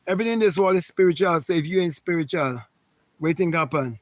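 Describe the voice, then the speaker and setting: A man's voice: sits high, quick pace, no echo. A man hosting a spiritual talk, reading viewer comments and answering them in an emphatic, repetitive, preachy way.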